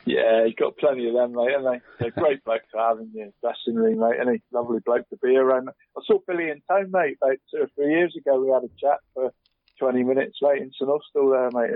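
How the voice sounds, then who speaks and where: A man's voice: mid-range voice, fairly even intonation, fast, dry recording. A man, chatting casually as a podcast co-host, rambling and dropping "mate" into nearly every phrase. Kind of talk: casual chat. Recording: tinny dry phone line.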